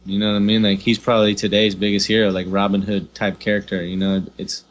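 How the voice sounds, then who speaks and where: A man's voice: lowish voice, flat delivery, quick pace, lo-fi sound. A man co-hosting a podcast in casual chat, rambling and peppering his talk with "you know what I mean" and swearing. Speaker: podcast co-host.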